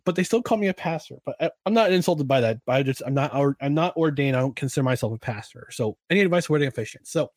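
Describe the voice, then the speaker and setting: A man's voice: medium pitch, expressive, fast, hardly any pauses, a little mellow, dry recording, clean studio sound. A young man hosting a podcast, chatting casually and rambling through listener questions with frequent restarts. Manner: rambling, with many restarts and laughs. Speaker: podcast host.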